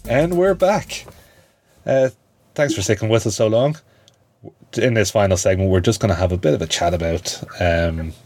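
A man hosts a podcast, chatting casually and steering the segments like a friendly presenter. His voice is low with a darkish tone.

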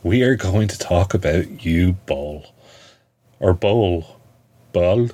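Low voice guy hosting a podcast, friendly, moves things along. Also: animated, slow pace, dark tone, husky. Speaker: podcast host. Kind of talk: casual chat.

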